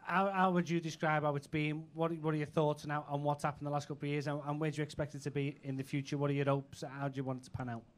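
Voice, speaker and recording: A man interviewing a comedian, asking quick, rambling questions. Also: fairly high pitch, level tone.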